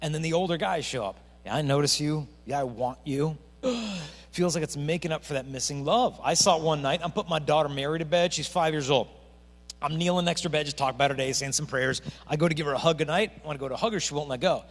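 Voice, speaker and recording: A middle-aged man giving a high-energy youth assembly talk, telling stories with acted-out voices. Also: fast. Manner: animated storytelling with acted-out voices. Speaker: chastity speaker. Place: parish hall. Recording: echoey hall.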